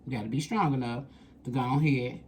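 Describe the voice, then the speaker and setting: A woman's voice: a bass voice, quick pace, heavy background noise. A woman doing a casual tarot reading, blunt and profane, repeating lines for emphasis. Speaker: tarot reader.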